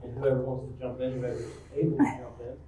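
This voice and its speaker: A man's voice: medium pitch, flat delivery, fast, very echoey, far from the mic, crowd noise, poor audio. A man hosting a live panel show in front of an audience, upbeat and reading out cheesy lines. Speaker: host.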